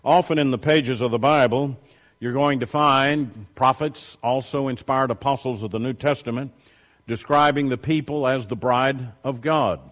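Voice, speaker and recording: A middle-aged man preaching a sermon, telling stories in a low voice and then rising loudly as he reads and exhorts. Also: moderate pace. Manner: shifts from quiet storytelling to loud preaching.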